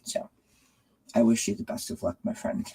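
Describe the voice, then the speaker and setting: A woman in her forties hosting a live stream from home, chatting warmly with viewers and cooing at her cats, with lots of fillers. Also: normal speed, a little hiss or hum, low-quality recording. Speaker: tarot channel host.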